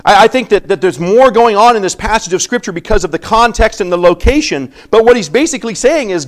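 A man preaching a sermon, reading scripture aloud and acting out the voices in it, swinging from loud emphasis to quiet asides. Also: high voice, fast talker, few pauses. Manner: animated preaching, acting out biblical voices with sudden quiet drops. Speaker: pastor.

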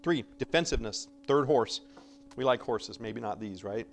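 A man preaching a conversational sermon, swinging between loud emphasis and soft asides and acting out quoted voices with humor. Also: medium pitch, moderate pace, soft background music.

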